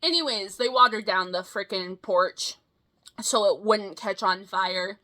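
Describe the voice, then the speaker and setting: A young woman in her twenties telling a rambling personal story in a casual vlog, animated and quick to swear, with lots of fillers. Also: mid-range voice. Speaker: vlogger.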